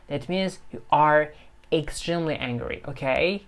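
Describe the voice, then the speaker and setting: A man's voice: on the high side, normal speed. Guy recording an english lesson on his phone, talks loose and repeats stuff with lots of okays. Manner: chatty, repeats phrases with lots of "okay?". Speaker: English-learning YouTuber. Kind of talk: casual teaching to camera. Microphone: phone camera.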